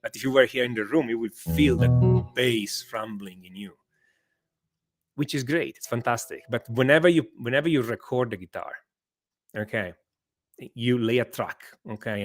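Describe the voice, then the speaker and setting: A man who is a guest guitar teacher, explaining guitar sound with frequent laughs and lots of "okay"s, talking from a small home studio. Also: on the low side. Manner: explanatory, laughs often, with many okays. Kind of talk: casual chat.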